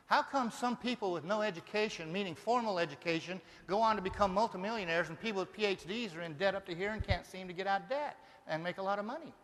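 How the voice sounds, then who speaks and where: A man from Denver giving a live motivational seminar, energetic and firing rhetorical questions at the audience. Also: high-pitched, quick pace, hardly any pauses, slight background noise. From Denver, Colorado. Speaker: motivational speaker. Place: large seminar hall. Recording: long reverb of a live hall.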